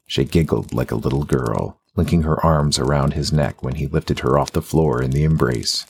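Deep gravelly guy narrating a fantasy audiobook, husky voice, steady pace. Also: normal speed, slight background noise.

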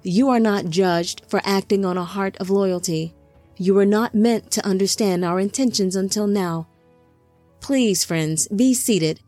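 A woman voicing a calm male divine lord who speaks softly and in measured, reassuring tones. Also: mid-range voice, dry recording, faint music behind, lightly acted. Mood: gentle.

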